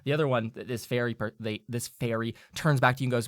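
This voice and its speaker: A man acting as game master, narrating a tabletop game in a halting, filler-heavy way. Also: medium pitch, steady tone, no room sound, studio quality.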